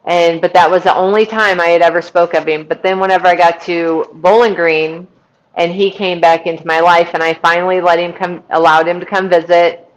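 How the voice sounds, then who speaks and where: A woman's voice: fairly low pitch, fairly quick, rough recording. A middle-aged woman from Missouri, a podcast guest telling her testimony and acting out the people she quotes. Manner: lively retelling with quoted voices. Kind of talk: storytelling testimony.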